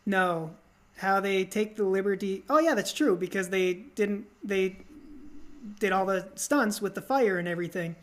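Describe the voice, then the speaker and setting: A woman co-hosting a casual film podcast, giggly and quick to slip into silly movie-quote voices. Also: medium pitch. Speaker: podcast co-host.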